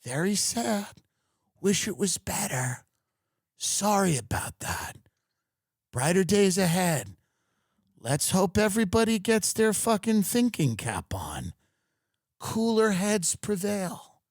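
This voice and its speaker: A man's voice: sits high, very animated, takes it slowly, long pauses, dry recording, clean studio sound, full character voice. A man voicing a bland, polite coffee-shop man who mutters resigned platitudes. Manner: mild, resigned.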